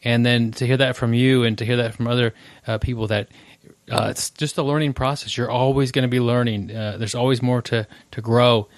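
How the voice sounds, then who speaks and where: A man's voice: mid-range voice, level tone, a little fast, dry recording. A man hosting a casual podcast interview, who affirms and sums up his guest's points. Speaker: podcast host.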